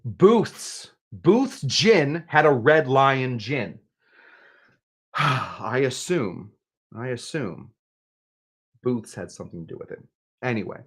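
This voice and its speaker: Chatty, joking bartender host. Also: male voice, medium pitch, expressive, a little slow, husky. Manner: chatty, jokey asides, frequent restarts. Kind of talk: casual livestream cocktail demo.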